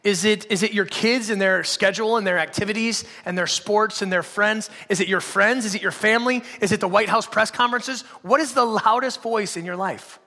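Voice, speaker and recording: A man preaching a sermon as pastor, firing off repeated rhetorical questions that build to loud, emphatic peaks. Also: high voice, a little fast, few pauses, in a large hall.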